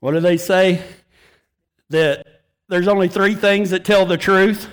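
A man's voice: sits high, fairly even intonation, a little slow, clean tone. A man preaching a sermon, telling folksy, joking stories and laughing at his own punchlines. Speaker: pastor. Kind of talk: storytelling sermon.

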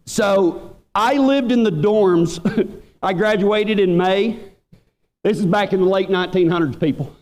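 A pastor from Texas preaches a storytelling sermon, animatedly acting out his friends' lines in different voices. His voice is high, and he speaks a little slowly.

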